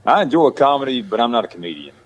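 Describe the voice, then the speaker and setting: A man's voice: medium pitch, very animated, fast talker, dull audio, slight background noise. A man with a Southern country accent, rambling in a casual chat with many restarts and fillers. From rural Georgia, west of Atlanta. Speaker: actor guest.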